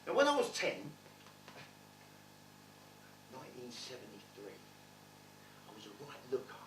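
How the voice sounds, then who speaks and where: A man performing a stage monologue, playing a streetwise man telling his rough childhood with blunt, swearing wit. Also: medium pitch, wildly swooping pitch, measured pace, background noise. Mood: wry. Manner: wry, blunt, swearing storyteller. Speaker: stage actor in a one-man play. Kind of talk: theatrical monologue storytelling. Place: theatre stage. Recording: roomy theatre, distant mic.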